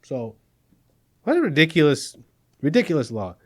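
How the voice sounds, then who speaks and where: A man's voice: on the high side, big pitch swings, normal speed. A man hosting a satirical news show, sarcastic and exasperated, often laughing at his own jokes. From Middle East. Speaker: comedy news host.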